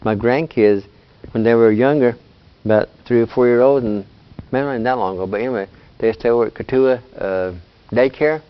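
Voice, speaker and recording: A man's voice: medium pitch, moderate pace, few pauses, smooth. An older man teaching a casual language lesson, patient and plain-spoken, often checking in with "you see". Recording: dull lo-fi sound.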